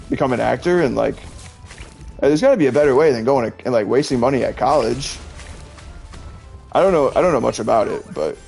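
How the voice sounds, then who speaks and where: A man's voice: medium pitch, creaky, darkish tone. A young man in his twenties, a streamer chatting casually and rambling through stories, saying "like" constantly. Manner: rambling, heavy use of "like", chatty storytelling. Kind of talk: casual chat.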